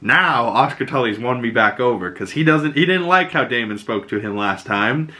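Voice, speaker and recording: Bright excitable guy on a podcast, casual recap chat, swears a lot. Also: mid-range voice, normal speed. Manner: excitable, loose, swears freely. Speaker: podcast host recapping a TV episode.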